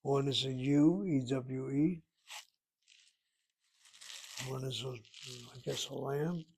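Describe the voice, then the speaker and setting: A man's voice: mid-range voice, slow pace, gravelly, darkish tone, slight background noise. A man teaching a Hebrew lesson from a textbook, thinking aloud, asking himself questions and spelling words out. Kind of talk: self-study lesson, reading from a textbook.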